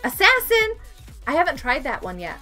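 A woman's voice sits high and bright as she live streams a game, giggling and reacting excitedly while she chats with viewers. Her pitch jumps around a lot. Faint game music plays behind her. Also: moderate pace. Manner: excitable, giggly, talks to chat. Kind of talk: casual gaming live stream chat.

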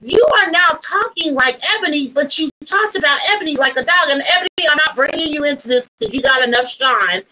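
A woman runs a livestream panel and keeps pressing a guest with blunt, profane demands. Her voice sits high and sounds bright and sharp. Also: expressive, brisk, few pauses, rough recording. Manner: confrontational, swearing, repeating demands. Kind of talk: heated livestream argument.

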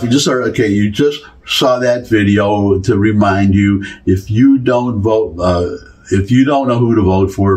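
Rambling Midwestern man, low voice. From Michigan. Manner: rambling, many restarts and asides, emphatic repetition. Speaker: political commentary host. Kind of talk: casual monologue to camera.

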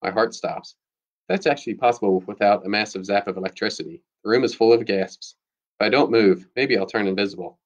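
A man, a teacher, reading a chapter book aloud with steady, expressive narration. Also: fairly low pitch, a little fast, highs cut off. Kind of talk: read-aloud storytelling.

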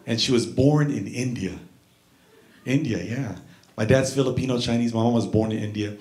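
A male stand-up comedian on a club stage, animated, acting out his stories. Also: mid-range voice, normal speed. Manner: animated, acts out voices. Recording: echoey club with audience laughter.

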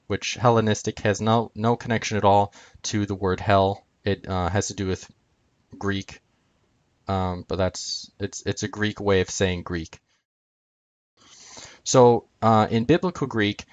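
Lowish man explaining a chart, dry sound. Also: no room sound. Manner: unscripted, many ums and uhs, walks through each item. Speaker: video lecturer.

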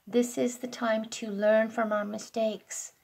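Emotional high-voiced woman with a gravelly edge. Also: little pitch movement, slow, a little mellow, slight background noise. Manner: earnest, emotional, pleading and tearful at times. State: close to tears. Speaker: self-styled prophet. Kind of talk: impassioned spoken prophecy.

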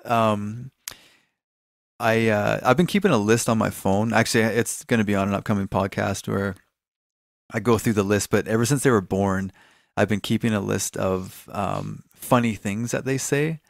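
A man's voice: fairly low pitch, steady tone, moderate pace, creaky, no room sound, studio quality. A man in his thirties, a guest on a podcast, telling funny stories about his kids and laughing often. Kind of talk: casual chat.

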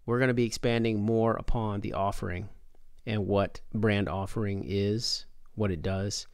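A man's voice: on the low side, steady tone, normal speed, smooth, no echo, studio quality. A man hosting a podcast in a casual, thoughtful way, rambling a little and restarting his sentences. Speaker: podcast host.

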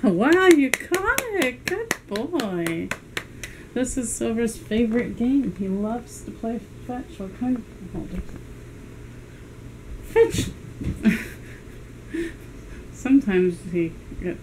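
A woman at home, chatting casually about her cat and calling out commands in a high sing-song. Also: mellow, slight background noise, rough recording. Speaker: cat owner filming her pet. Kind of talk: casual narration to camera while playing with a pet. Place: indoors at home. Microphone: handheld camera at floor level.

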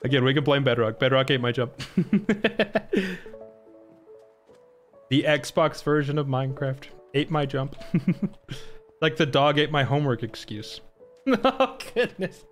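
A man's voice: medium pitch, measured pace, long pauses, soft background music. A young man casually commenting on his own gameplay during a live stream, often laughing and exclaiming to his chat. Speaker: gaming streamer.

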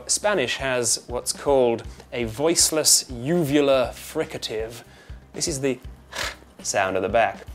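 A British actor and voice coach gives a clear tutorial on accents, demonstrating the sounds as he goes. He speaks at a medium pitch.

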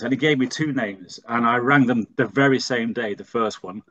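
Lively middle-aged man telling stories. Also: mid-range voice, normal speed, dull audio. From Leeds, England. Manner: animated anecdotes, acts out dialogue in his stories. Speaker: guest, pilot and flight instructor. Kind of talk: storytelling in a conversational interview.

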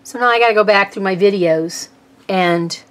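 A woman hosts her own art channel and talks straight to the camera in a casual, unscripted way. She airs a complaint, halting and restarting as she goes, in a voice of ordinary middle pitch. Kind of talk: casual vlog talk to camera.

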